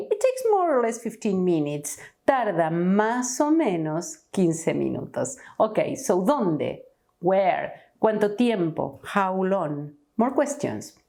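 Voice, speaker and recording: A woman, a native Spanish speaker from Argentina with an Argentine Spanish accent, teaching a language lesson, saying each word clearly and then translating it. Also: medium pitch, mellow. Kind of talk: slow language lesson with examples.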